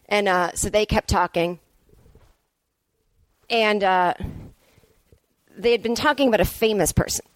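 A woman's voice: mid-range voice, unhurried, long pauses, dry recording. A woman comedian hosting her podcast alone, telling a rambling story in a sarcastic, self-mocking way. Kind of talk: solo storytelling monologue. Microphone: podcast microphone.

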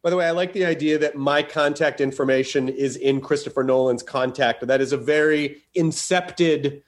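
A man hosting a podcast, rambling and riffing fast in casual chat, swearing freely. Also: on the high side. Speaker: podcast host.

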